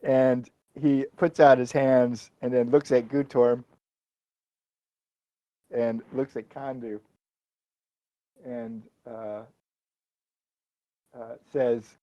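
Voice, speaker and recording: A man acting as game master, narrating a tabletop game in a halting way with fillers and chuckles. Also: medium pitch, little pitch movement, mellow, no echo, highs cut off.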